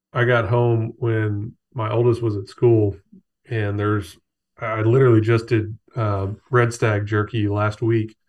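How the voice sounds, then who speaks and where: A man's voice: on the low side, dull audio. A man chatting casually, telling anecdotes in an easygoing way with many ums and uhs. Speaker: outdoorsman in conversation. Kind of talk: casual conversation.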